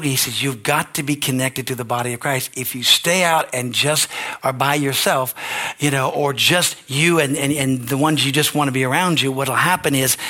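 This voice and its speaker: An older man, a pastor, preaching an earnest, emotional sermon that swings from quiet to shouting. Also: medium pitch.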